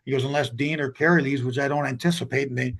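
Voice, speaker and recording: Gravelly older man telling coaching stories. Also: mid-range voice, fairly even intonation, fast, fairly bright tone. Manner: rambling, retells conversations with many restarts and "he goes". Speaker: hockey coach. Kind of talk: storytelling interview guest.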